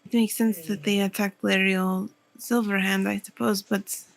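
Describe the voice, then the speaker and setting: Gravelly-voiced woman playing a tabletop game. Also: mid-range voice, level tone, moderate pace, slight background noise. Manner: earnest, pleading, thinking aloud. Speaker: player. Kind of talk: in-character tabletop role-play.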